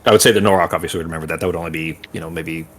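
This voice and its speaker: Deep-voiced man rambling as game master. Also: steady tone, racing. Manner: rambling, searching for words, vivid descriptions. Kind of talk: narrating a tabletop game.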